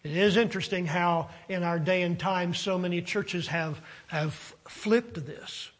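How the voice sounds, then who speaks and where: A man preaching a sermon, slow and deliberate, building emphasis and then dropping low, with halting restarts. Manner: halting restarts with frequent uh's.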